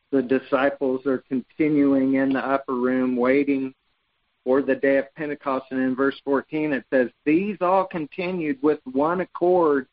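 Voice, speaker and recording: A man's voice: medium pitch, phone-quality sound. A man from the United States teaching a Bible study in an easygoing, conversational way, reading verses aloud and stumbling over words now and then. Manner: conversational, reads scripture aloud with frequent restarts.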